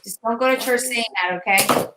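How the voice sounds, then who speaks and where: A woman's voice: a little high, fairly quick, background noise. Laughing woman host, echoey room. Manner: playful, laughs often, teasing. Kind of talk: casual live craft chat.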